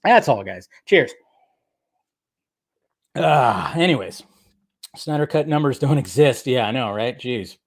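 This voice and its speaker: A man's voice: mid-range voice, expressive, slow pace, long pauses. A man giving casual film commentary as a vlogger, rambling and chatty, full of asides.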